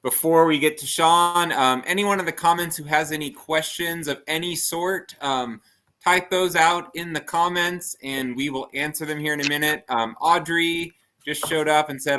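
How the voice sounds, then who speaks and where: Bright-toned male livestream host, easygoing, chatty. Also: fairly high pitch, fairly even intonation, normal speed. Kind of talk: casual livestream hosting.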